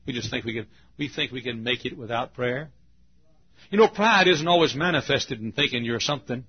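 A man preaching a folksy storytelling sermon, dropping to hushed tones and rising again, on a lo-fi recording. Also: medium pitch, brisk, husky. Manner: folksy, swings from hushed to loud.

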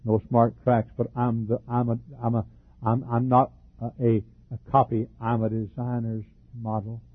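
An older man preaching a fervent sermon as pastor, with a husky, troubled voice, frequent coughs and repeated words. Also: mid-range voice, little pitch movement, normal speed, no room sound. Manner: fervent preaching with repetitions and laughs. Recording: dry, phone-like lo-fi recording.

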